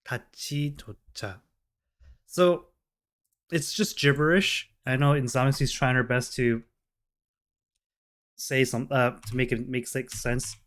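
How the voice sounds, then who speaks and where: A man hosting a casual reaction video, explaining slowly with plenty of fillers into a desk microphone. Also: medium pitch, steady tone, fairly bright tone.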